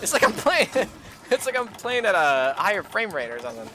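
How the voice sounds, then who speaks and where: Lively, laughing game streamer. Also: mid-range voice, a little fast, very noisy. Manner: animated, laughs often, swears casually. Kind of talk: live gameplay commentary. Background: game music.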